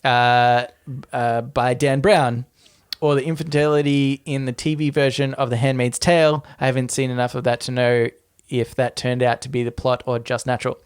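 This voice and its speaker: Casting: young Australian male podcast co-host, smooth resonant tone, easy giggly rambling delivery. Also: mid-range voice, flat delivery, moderate pace. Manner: laughs often, loose and rambling. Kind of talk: casual chat.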